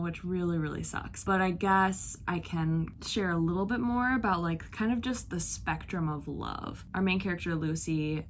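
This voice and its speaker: A young woman in a casual reading vlog, talking with a somewhat low voice. She gushes emotionally and leans on "like" fillers. Faint outdoor ambience sits behind her. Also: a little hiss or hum. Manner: gushing, emotional, filler-heavy with frequent "like". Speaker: book vlogger. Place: outdoors on a beach.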